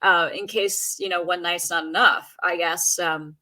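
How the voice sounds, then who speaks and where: A woman's voice: on the low side, fairly even intonation, measured pace, pushed and bright. A woman on a podcast, chatting casually and retelling folklore with plenty of fillers. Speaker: podcast guest. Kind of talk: casual chat.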